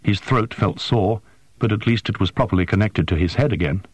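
A man narrating a science-fiction story in a measured, expressive way. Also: on the low side, slightly rough, no echo. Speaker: audiobook narrator. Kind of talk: scripted narration.

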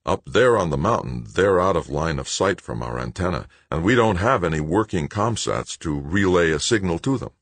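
A man's voice: low voice, expressive, moderate pace, hardly any pauses, no echo. A man doing a shaky station officer. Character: shaken male station officer.

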